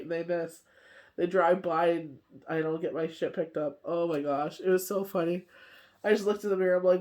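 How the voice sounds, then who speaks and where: A woman's voice: on the low side, fairly even intonation, a little fast, darkish tone. A tired woman giving a casual daily tarot reading, rambling and chatty, with lots of "you know" and "like" and frequent laughter. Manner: laughs often while telling stories. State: tired from coughing fits. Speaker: tarot card reader.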